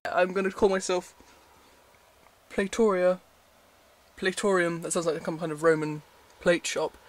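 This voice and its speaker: A man with a slightly high voice chats casually to camera from his bed. He rambles and pokes fun at himself, often breaking into a giggle. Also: fairly even intonation, unhurried. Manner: rambling, self-deprecating, giggly. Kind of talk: casual vlog chat. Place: bedroom, in bed at night.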